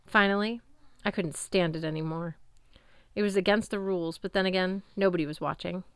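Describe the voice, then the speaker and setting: Woman narrator, first-person audiobook, expressive, smooth clear voice, lowish pitch, dry studio sound. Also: fairly quick, no room sound. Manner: expressive, storytelling.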